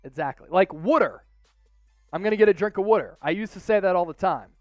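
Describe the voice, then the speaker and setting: A sports show host with a Philadelphia accent runs a live sports stream, chatting casually in a fairly high, smooth, resonant voice at a very fast pace. He's excitable, hyping viewer donations with loud outbursts. The recording is dry and close, with faint music underneath.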